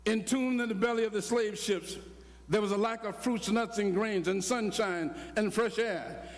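An older man preaching a sermon, telling a story with acted-out dialogue and rising to shouts. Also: sits high, normal speed. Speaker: pastor. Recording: long hall reverb.

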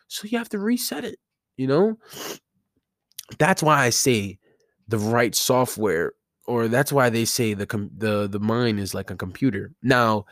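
A man's voice: mid-range voice, dry recording, studio quality. A man hosting a solo podcast, talking casually and rambling with many fillers and restarts. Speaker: podcast host.

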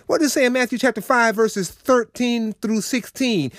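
Man, radio preacher, high voice, folksy preachy delivery addressed to listeners. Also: normal speed, hardly any pauses, fairly bright tone, no echo, studio quality. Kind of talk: sermon.

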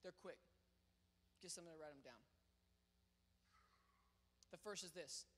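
A young man preaching a sermon as pastor, swinging between loud proclaiming and quiet storytelling. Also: a little high, moderate pace, slight background noise. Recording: long reverb of a large hall.

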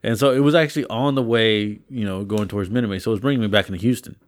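A man, co-hosting a podcast, retelling his rideshare trips in a rambling, animated way with frequent exclamations. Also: fairly low pitch, racing. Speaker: podcast co-host. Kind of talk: casual storytelling chat.

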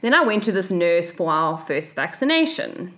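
Lower-voiced South African woman telling a story. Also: moderate pace. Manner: lively, acts out the voices of people in her story. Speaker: podcast co-host. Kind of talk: casual storytelling chat.

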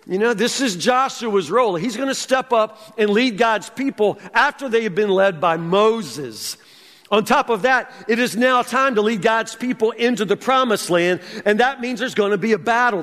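A man's voice: high-pitched, a bit bright, in a large hall. A man preaching a sermon as pastor, conversational with wry humor.

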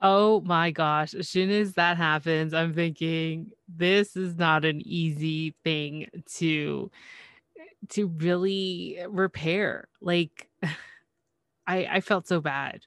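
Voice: mid-range voice, steady tone, slow pace, fairly bright tone, clear, resonant tone, dry recording. A podcast co-host casually retelling a TV episode, sighing and acting out the characters' lines along the way. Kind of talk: casual chat.

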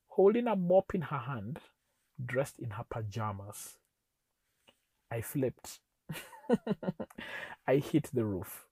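A man teaching a lesson on relationships, telling a personal story with animated acting-out. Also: medium pitch, slow pace, long pauses, slightly rough, dry recording. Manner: animated storyteller who acts out scenes.

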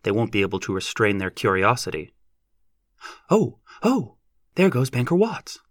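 A man voicing a sharp, jealous young woman of nineteen who speaks in a snappish, scornful way. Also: deep voice, fairly even intonation, quick pace, dry recording, clean studio sound. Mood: eager.

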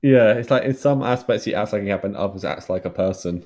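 A man co-hosting a podcast, retelling film scenes in a casual chat, laughing often and quoting characters in higher voices. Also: quick pace, darkish tone. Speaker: podcast co-host.

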